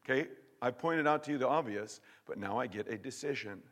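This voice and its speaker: A male pastor preaching a sermon in an animated, emphatic way, often repeating and restarting his words. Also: mid-range voice, a little fast, in a large hall. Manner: animated, emphatic preaching with sudden shouts and drops to near-whisper.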